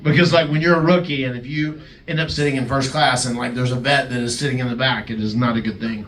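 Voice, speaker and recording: A man on a podcast telling an animated wrestling story, chuckling and slipping into other people's voices. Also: mid-range voice, quick pace, slight background noise. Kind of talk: casual storytelling. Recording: echoey, distant mic, faint background ambience.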